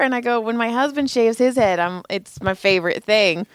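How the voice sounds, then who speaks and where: A woman's voice: on the high side, brisk, few pauses, smooth, no echo, clean studio sound. A woman co-hosting a podcast, casually telling a comic story and acting out each person's lines in it. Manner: animated, acts out everyone's lines in her stories; frequent laughter and swearing. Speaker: podcast co-host.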